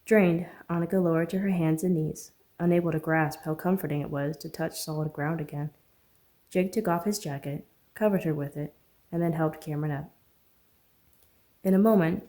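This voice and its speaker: A woman author narrating her own novel as an audiobook, earnest and steady. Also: low-pitched, normal speed.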